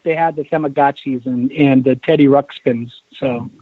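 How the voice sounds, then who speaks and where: A man's voice: medium pitch, fairly even intonation, moderate pace, no room sound. A man guest on a casual podcast, easygoing and hesitant with many restarts. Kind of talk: casual interview chat. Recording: dull call audio.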